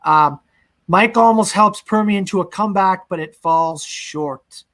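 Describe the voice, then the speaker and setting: Young male co-host, a bit high, rambling plot recap, casual. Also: a little slow, fairly bright tone. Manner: rambling recap with fillers, acts out quotes. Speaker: podcast co-host. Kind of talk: casual movie discussion.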